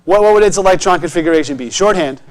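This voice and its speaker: Teacher: man, fairly high voice, upbeat and encouraging, frequent comprehension checks. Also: fast talker. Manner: encouraging, checks understanding often. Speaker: chemistry teacher. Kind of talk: classroom lecture. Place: classroom.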